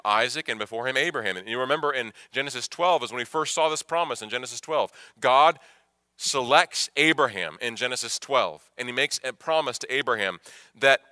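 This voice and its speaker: Male pastor, sermon, higher voice, emphatic, hushed-to-loud delivery, repeats phrases. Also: no echo, studio quality.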